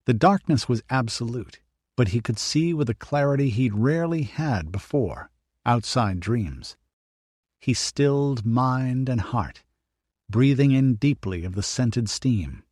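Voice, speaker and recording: Male audiobook narrator, steady storytelling, mid voice, dry booth sound. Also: medium pitch, no room sound. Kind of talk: scripted narration.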